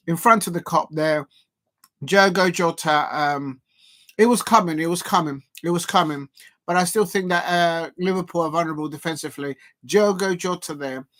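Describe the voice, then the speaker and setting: A fairly high-pitched man runs a live watch-along of a football match, rambling through his commentary with plenty of fillers and false starts and growing excitable when key plays happen.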